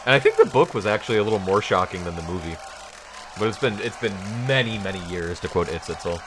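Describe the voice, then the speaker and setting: A man's voice: sits low, expressive, quick pace, background noise. A man giving casual, rambling commentary over a game, full of fillers and restarts. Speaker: let's player. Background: game music.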